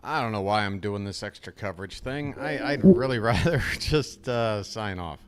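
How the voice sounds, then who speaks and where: A man's voice: lowish voice, expressive, normal speed. A man doing casual live-stream baseball commentary, rambling and crude, talking to himself between plays.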